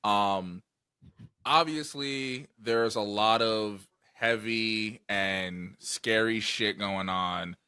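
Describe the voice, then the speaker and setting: A man's voice: fairly low pitch, extremely slow, bright, forceful tone, smooth, no room sound, studio quality. A young man hosting a podcast, talking in loose slang, laughing and swearing in casual chat. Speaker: podcast host.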